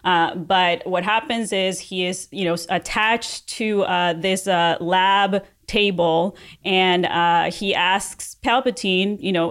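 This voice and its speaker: A woman's voice: medium pitch, steady tone, takes it slowly, hardly any pauses, a bit bright, smooth. A woman in her forties on a casual podcast panel, rambling with many fillers.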